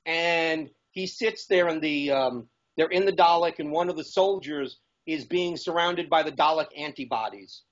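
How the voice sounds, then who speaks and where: A man with a fairly high voice, chatting as a guest on a talk show. He talks eagerly and rambles, restarting his sentences as he goes. The sound is dull and lo-fi. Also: normal speed, few pauses. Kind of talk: casual chat.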